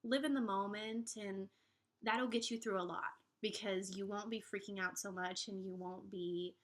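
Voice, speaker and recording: A woman's voice: medium pitch, steady tone, moderate pace. A young woman in her twenties talking earnestly to camera in a casual vlog, encouraging and reassuring, with frequent fillers and restarts. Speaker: vlogger giving relationship advice.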